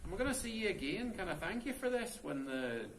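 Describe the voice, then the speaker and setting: A man's voice: high-pitched, sing-song, brisk, a little hiss or hum, voice pushed up. A man voicing a wee male fairy flute player, sly and friendly, in an echoey stone cave. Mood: pleased. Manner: sly, friendly, then gloomy. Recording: roomy cave echo.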